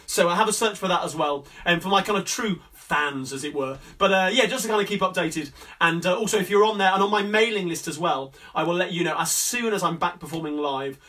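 A man from Coventry hosting a live sing-along stream from home, chatting quickly between songs with lots of fillers. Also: sits high. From England (Coventry). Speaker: sing-along host and singer. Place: at home during lockdown. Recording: distant mic, loud backing music.

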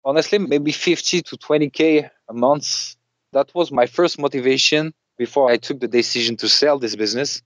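A man's voice: medium pitch, normal speed, no room sound. A man with a French accent, a native French speaker, answering interview questions about the business he is selling, searching for his words in English. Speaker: business seller.

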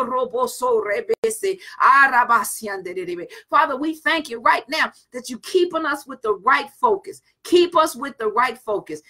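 A woman's voice: high voice, pushed and bright. A woman pastor leading a fervent prayer and preaching in an informal, rhythmic way, repeating phrases and breaking into tongues.

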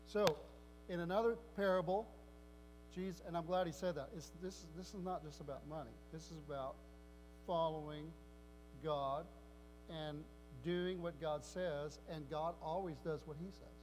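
A man, the pastor, preaching in a measured way with some hesitations. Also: a little high, steady tone, darkish tone. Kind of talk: sermon. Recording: reverberant church hall with faint hum.

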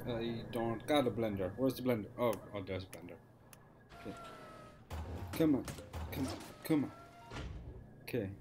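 A man's voice: medium pitch, expressive, moderate pace, long pauses, over music. An Irish man giving casual, jokey gameplay commentary with mock-bossy banter. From Ireland. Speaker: gaming YouTuber.

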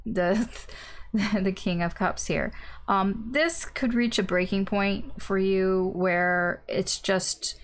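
A woman's voice: medium pitch, steady tone, measured pace. A woman giving a casual tarot reading, thinking aloud with lots of ums and maybes, blunt and informal. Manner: blunt and informal, with mild swearing. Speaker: tarot reader.

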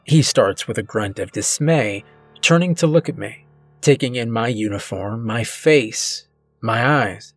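A man narrating a first-person horror story in a slow, deliberate, tense way. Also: medium pitch, dry recording, faint music behind. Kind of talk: scripted narration.

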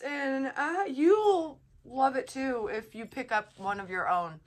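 A woman chatting casually as she unboxes a subscription box, bubbly and gushing with excitement. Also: high-pitched, slow pace, few pauses. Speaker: vlogger.

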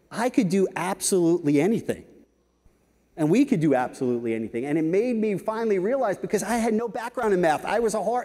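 A man in his fifties giving a conference talk, telling lively anecdotes with frequent "right?" asides. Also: sits high. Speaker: keynote speaker. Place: large conference hall stage. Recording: reverberant conference hall.

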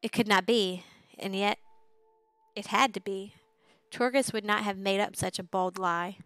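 A woman reading a fantasy novel aloud as narrator, steady and even, with occasional slips. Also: medium pitch, a little slow, smooth, no echo, soft background music, low-quality recording. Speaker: audiobook reader. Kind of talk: live book reading narration.

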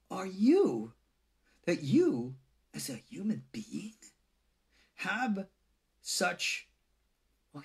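A man lecturing as a rabbi in a loose, conversational way, putting rhetorical questions to his listeners. His pitch swings widely as he acts out quoted lines, and now and then he sinks to a near-whisper. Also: gravelly, slightly rough. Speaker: rabbi teaching a lesson.

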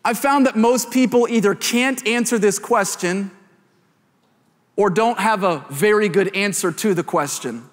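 A man in his thirties, a pastor, telling a humorous family story in a sermon, with lively quoted voices. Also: high-pitched. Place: large church hall. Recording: long hall reverb.

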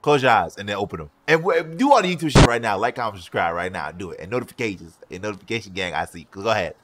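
A man's voice: on the low side, lively intonation, fast talker, fairly bright tone, slight background noise. A young man hosting a casual gaming vlog at his home racing simulator, talking in a hyped, joking, profane way. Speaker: sim racing YouTuber. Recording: music and game car sounds behind.

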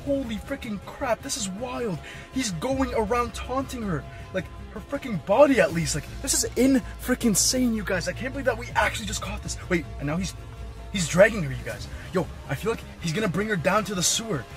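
A young man vlogging in excited live commentary, constantly exclaiming and talking straight to his viewers. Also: high-pitched, fast talker, faint music behind.

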